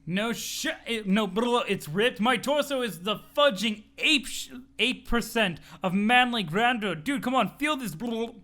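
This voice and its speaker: A male streamer chats casually between laughs, thanking his viewers as he stumbles a little over his words. His voice is bright and high with a lively lilt. He sounds relaxed and amused. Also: a little slow, hardly any pauses. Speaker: streamer reading a webcomic aloud. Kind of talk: casual live-stream chat.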